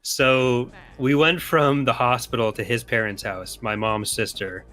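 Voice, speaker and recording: A man's voice: medium pitch, fairly even intonation, a little slow, pushed and bright, faint music behind. A young man telling a story casually while playing a racing game, laid-back and sweary, laughing through it. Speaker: co-player.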